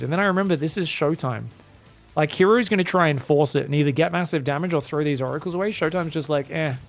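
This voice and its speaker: An esports caster with a creaky voice on the high side gives chatty, joking play-by-play of a live match.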